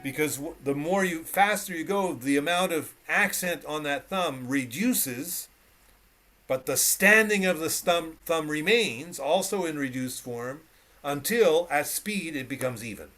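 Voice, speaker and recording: Male piano coach, slightly high voice, emphatic and repetitive, video call, piano behind. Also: a little slow, bright, forceful tone. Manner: emphatic, repeats short cues while demonstrating. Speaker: piano teacher. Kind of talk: one-on-one instruction. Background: piano playing.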